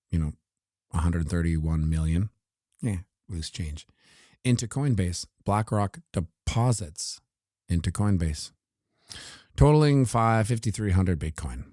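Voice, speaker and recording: A man's voice: low voice, mellow, no echo, clean studio sound. A man giving casual, joking commentary on crypto charts while looking things up on his computer. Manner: joking asides, talks while scrolling.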